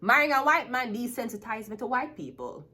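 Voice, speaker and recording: A woman's voice: on the high side, big pitch swings, a little fast, bright, forceful tone, husky. A woman, a tarot reader ranting bluntly and profanely to the camera. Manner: profane, blunt, emphatic, laughs often. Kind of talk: unscripted rant to camera.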